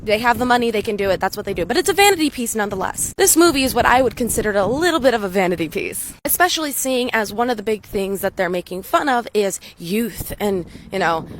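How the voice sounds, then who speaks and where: A woman's voice: mid-range voice, animated, a little fast. Woman with a mild Valley girl accent, blunt and casual rant, swears freely, faint noise behind. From San Fernando Valley, California. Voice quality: frequent "like" fillers, blunt and profane. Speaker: commentator reacting to a film scene. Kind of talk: casual ranting commentary.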